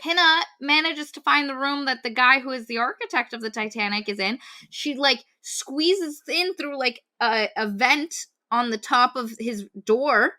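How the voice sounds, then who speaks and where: Bright, animated woman podcast co-host. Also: high voice, unhurried, few pauses. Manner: animated, exasperated critique. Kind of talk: casual book-review chat.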